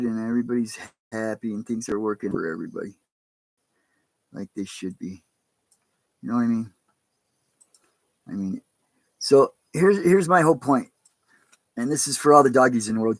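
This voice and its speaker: A man who is a pastor, talking in a casual, rambling and halting way on a livestream. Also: mid-range voice, gravelly, no room sound.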